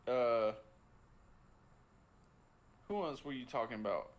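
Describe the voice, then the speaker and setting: A man's voice: medium pitch, expressive, takes it slowly. Rambling casual sports-talk man. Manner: rambling, many restarts and fillers, profane. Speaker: podcast co-host.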